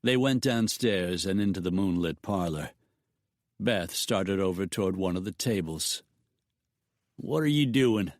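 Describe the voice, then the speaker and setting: A man narrating a western novel in a steady, measured voice. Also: deep voice, dry recording, clean studio sound. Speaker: audiobook narrator.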